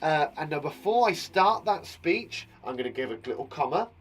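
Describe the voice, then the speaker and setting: An English man teaching young children online, his voice sitting a little high for a man. He is patient and encouraging, thinking aloud as he writes out each example. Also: sing-song, moderate pace, breathy edge. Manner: patient, encouraging, talks aloud while writing. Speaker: primary school teacher. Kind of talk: live online English lesson.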